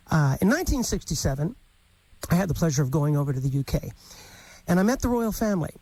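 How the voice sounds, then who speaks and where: Gravelly-voiced man hosting morning radio. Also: on the high side, darkish tone, dry recording. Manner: chatty, laughs often, self-mocking. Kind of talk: casual radio chat and storytelling. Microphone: studio microphone.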